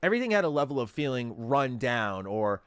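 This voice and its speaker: A man's voice: mid-range voice, big pitch swings, a little fast, fairly bright tone, smooth, no room sound. A man giving casual video commentary on a game trailer, enthusiastic and rambling, with many fillers. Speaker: gaming commentator.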